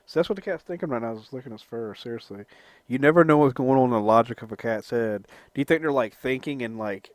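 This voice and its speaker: A man's voice: on the high side, no room sound. A man vlogging in a casual ramble, profane and joking as he goes. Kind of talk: casual rambling vlog talk.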